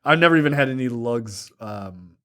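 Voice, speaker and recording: A man's voice: medium pitch, animated, normal speed, bright, forceful tone. Man recapping a film in a rambling way. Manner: rambling profane plot recap. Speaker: podcast co-host. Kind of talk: casual film review chat.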